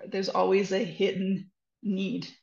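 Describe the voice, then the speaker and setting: A woman with a gravelly, fry-tinged voice gives conversational parenting advice, earnest and reassuring as she walks through her points. The sound is roomy and a little dull, like a video call in an echoey room. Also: mid-range voice, level tone, slow pace, a little mellow. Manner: earnest, reassuring, repeats "trust me". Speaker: parenting educator guest.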